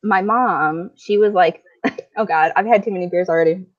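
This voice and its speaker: A woman from Michigan, co-hosting a live stream and telling stories in a chatty, animated way. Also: on the low side, moderate pace, muffled recording. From Michigan, USA. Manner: chatty, animated storytelling with frequent laughs. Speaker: co-host. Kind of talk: casual chat on a live stream.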